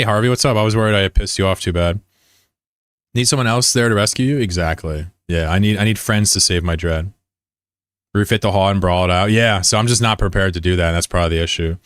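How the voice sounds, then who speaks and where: Recorded in clean studio sound with no room sound, this low, smooth-voiced man plays a game on stream while casually chatting with viewers. He's rambling and digressive, often restarting, and keeps making self-deprecating jokes.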